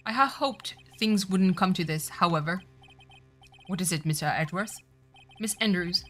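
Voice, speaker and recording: A woman's voice: fairly low pitch, moderate pace. A woman streamer reading a courtroom game's script aloud, doing every character in turn and dropping swearing asides of her own. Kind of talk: voicing a game's script, reading all parts. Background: faint music.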